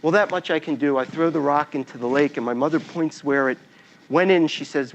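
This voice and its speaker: An invited speaker with a fairly high-pitched, brisk voice gives a talk as a storyteller. He acts out the scenes and sounds as he goes along.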